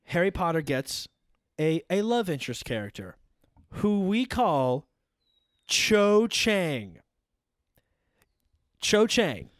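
A man's voice: sits high, very animated, slow pace, long pauses, no room sound, studio quality. A young man co-hosting a comedy podcast, joking around in casual banter and laughing often. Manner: joking, laughs often, does mock voices. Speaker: podcast co-host.

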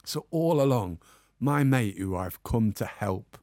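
A man spins an animated story in casual podcast chat, acting out the voices of the people in it. His voice has a middling pitch, and the sound is dry and close. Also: unhurried, no room sound. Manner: animated anecdote teller, acts out quotes. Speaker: guest. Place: bar set for a podcast.

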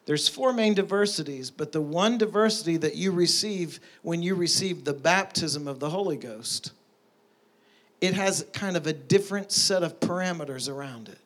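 Animated preacher man telling stories. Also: fairly high pitch, moderate pace. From Tulsa, Oklahoma. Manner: lively storytelling with rising emphatic peaks. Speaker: pastor. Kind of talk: sermon with storytelling.

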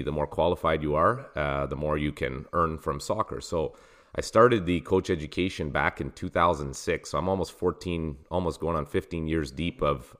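A man who coaches soccer, calmly explaining his career as a guest in a casual interview. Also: very deep voice. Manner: measured, explanatory.

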